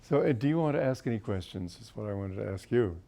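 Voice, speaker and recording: A man's voice: lowish voice, expressive, fast talker, vocal fry, dark tone. Genial older man with a sore throat. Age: 70s. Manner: genial storyteller, often chuckling. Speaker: spiritual teacher. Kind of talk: informal spiritual talk with anecdotes.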